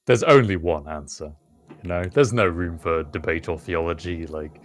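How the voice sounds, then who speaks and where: A man's voice: low-pitched, moderate pace. A British man co-hosting a podcast, musing through a casual chat. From United Kingdom. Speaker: podcast co-host.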